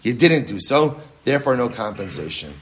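A man's voice: mid-range voice, moderate pace, slight background noise. A man in middle age leads a Talmud class with lots of energy, his voice sitting in an ordinary middle range. He poses questions and answers them himself. He circles back over each point, repeating it for emphasis. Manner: animated, asks and answers his own questions, repeats phrases, Hebrew and Aramaic terms. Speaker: rabbi teaching Talmud.

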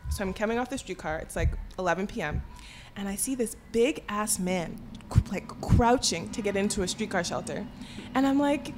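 A young woman telling a funny story in casual chat, animated and giggly, jumping into high squealing voices for quotes. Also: moderate pace, slight background noise.

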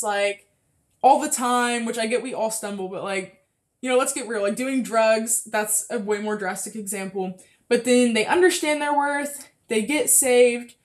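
A young woman hosting a casual faith podcast, chatty and full of fillers, a little out of breath close to the mic. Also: a little high. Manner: chatty, frequent fillers and laughs. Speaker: podcast host.

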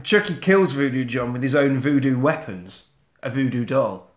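In an echoey room, a male podcast host with a mid-range voice and moderate pace casually recaps a horror film. He swears a lot and acts out the scenes in silly voices.

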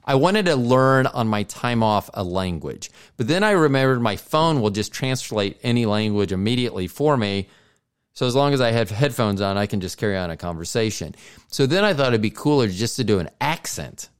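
Middle-aged male host, smooth resonant tone, rambling questioner. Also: mid-range voice, lively intonation, fairly quick. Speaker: podcast host, father. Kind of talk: casual family chat.

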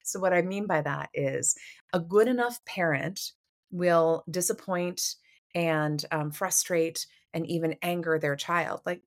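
A woman therapist, a guest on a podcast, explaining ideas in a measured way and often checking in with "right?". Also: low voice. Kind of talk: podcast conversation.

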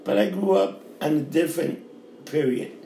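A man's voice: on the high side, expressive, normal speed, dark tone. A middle-aged man with a New York accent, a bar worker, delivering a fiery, profane, repetitive rant. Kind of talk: ranting monologue. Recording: roomy with faint background noise.

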